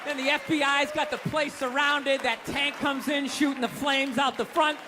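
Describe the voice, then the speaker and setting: A man's voice: extremely high pitch, steady tone, normal speed, a crowd in the background, background noise. A man doing a stand-up comedy routine on stage, ranting in an exasperated, profane way. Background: audience laughter.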